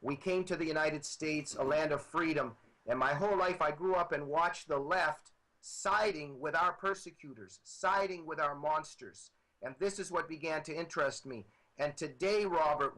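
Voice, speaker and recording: A man's voice: a little high, moderate pace, a bit bright, rough recording. A man in a political interview, talking emphatically and building to passionate declarations, heard over a computer mic on an internet call. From Soviet Union. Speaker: author.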